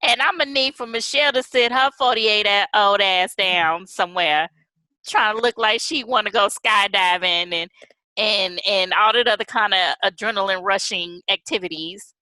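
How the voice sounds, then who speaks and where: A woman's voice: mid-range voice, moderate pace, pushed and bright, no room sound, poor audio. A woman co-hosting a casual recap chat, giving blunt, emphatic, slangy commentary. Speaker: podcast co-host.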